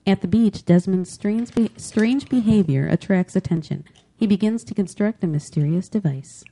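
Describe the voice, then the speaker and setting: A woman's voice: medium pitch, normal speed, vocal fry, mellow. A woman co-hosting a podcast, recapping episodes and chatting casually with an easy, amused manner. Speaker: podcast co-host. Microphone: headphones with a desk mic.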